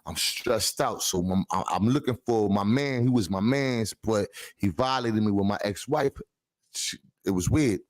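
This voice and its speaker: His voice sits on the low side and moves a little slowly, captured with no room sound. He's a 40-something podcast guest from the Bronx, casually recounting a long personal story in thick street slang and asking "you heard?"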